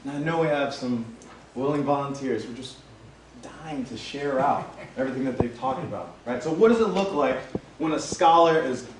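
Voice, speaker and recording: A man's voice: medium pitch, moderate pace, background noise. A man leads a live training workshop for a group, talking in a loose, conversational way and often tagging his points with "right?". He is picked up from some distance across the room. The space around him is echoey. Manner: conversational, many "right?" tags and restarts. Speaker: workshop facilitator. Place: large room with audience. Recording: roomy, from off-mic.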